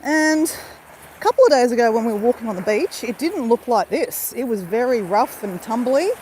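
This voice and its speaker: Walking outdoors along the beach, an Australian YouTuber keeps up a laughing, chatty live stream directed straight at her viewers, phone held at arm's length. Her voice runs on the high side, animated and a little mellow, at normal speed. It's a rough recording with a little hiss or hum.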